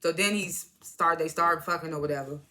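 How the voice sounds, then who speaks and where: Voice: mid-range voice, brisk, bright, forceful tone, a little hiss or hum. A speaker casually recapping a TV episode, retelling scenes as quoted dialogue, swearing freely and chuckling along. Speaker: TV episode reviewer.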